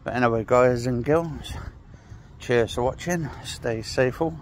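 Out on a walk, a male vlogger rambles and rants sarcastically, swearing and sighing as he goes. His voice is medium-pitched and unhurried, with a faint hiss or hum in the background of this casual walking vlog.

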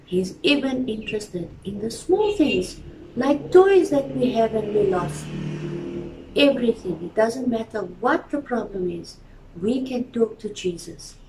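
Slow-reading woman storyteller in church. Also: fairly high pitch, expressive, reverberant, far from the mic, noisy background. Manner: gentle, addresses children directly. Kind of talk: reading a children's story aloud.

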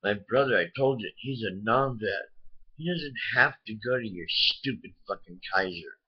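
Husky, low-voiced man ranting with profanity. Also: animated, moderate pace, highs cut off. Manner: profane, heated, rambling. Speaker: vlogger. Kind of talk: angry political rant to camera. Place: at home.

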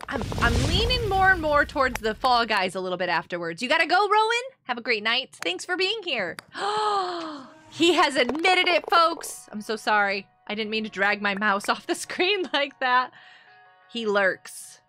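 Excitable high-voiced woman streaming a game. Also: moderate pace. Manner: excitable, chatty, talks to viewers. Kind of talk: live gameplay commentary. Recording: game music behind. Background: game music.

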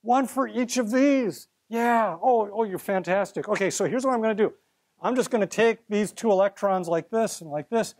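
A man's voice: sits high, moderate pace, darkish tone. A middle-aged man teaching chemistry to a live class, playful and theatrical, coaxing students up to help him at the board. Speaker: chemistry professor.

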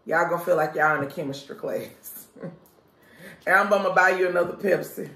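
A woman's voice: on the low side, fairly quick, fairly bright tone. A woman host chatting frankly and sassily to her viewers and reading a customer's review aloud, calling them sis and y'all. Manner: sassy, frank, addresses listeners as sis and y'all. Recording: echoey room.

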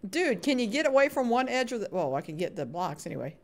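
This woman speaks fast in a mid-range, darkish voice with big swings in pitch. A Minecraft streamer, she chats casually on her live stream, uses a sing-song voice to coax characters in the game, and reads out viewer names from the chat as she replies.

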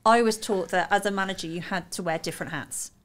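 A woman guest in a casual podcast chat, telling stories in a lively, self-deprecating way. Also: mid-range voice, fast talker.

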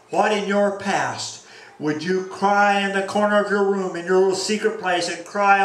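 A man preaching a sermon as pastor, reading scripture aloud and acting out the quoted lines with animated delivery. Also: sits high, measured pace, echoey room, far from the mic, poor audio.

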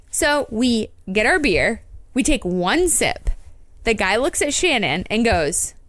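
Animated woman telling a story. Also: a little high, a little slow, no echo. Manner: animated, acts out quoted voices. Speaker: podcast co-host. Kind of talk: casual storytelling chat.

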